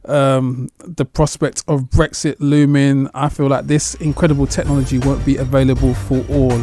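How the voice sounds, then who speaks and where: A man's voice: medium pitch, flat delivery, normal speed, mellow, no room sound, studio quality, soft background music. A man co-hosting a casual chat podcast, chatty and agreeable. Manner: chatty, agreeable, lots of "yeah". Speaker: podcast co-host.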